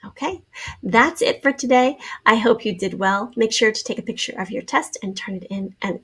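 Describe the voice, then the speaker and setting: A woman's voice: a little high, normal speed, a bit bright, slightly rough. A woman teacher giving a spelling lesson to young pupils, patiently sounding out letters and syllables for a class video.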